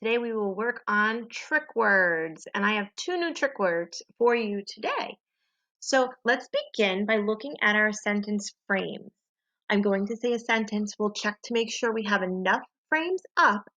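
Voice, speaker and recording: A woman teacher giving a phonics lesson to young children, modeling sentences slowly and clearly with exaggerated expression. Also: mid-range voice, expressive, bright, forceful tone, lo-fi sound.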